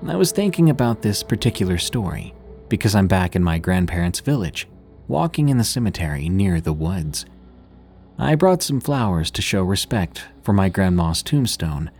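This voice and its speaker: A man reading horror stories in a measured, grave scripted narration, slowing for dramatic pauses. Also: sits low, a little mellow, breathy edge.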